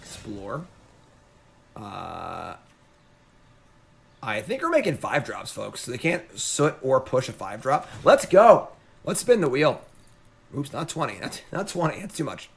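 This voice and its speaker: A man streaming a card game from home, talking casually to his viewers with excitable commentary. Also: mid-range voice, measured pace, vocal fry, long pauses. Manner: excitable, talks to the audience as "folks".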